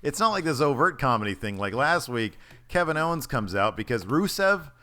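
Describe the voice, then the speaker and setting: Wisecracking man, bright tone. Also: medium pitch, very animated, brisk. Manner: profane, jokey, laughs often. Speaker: podcast co-host. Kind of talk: casual chat.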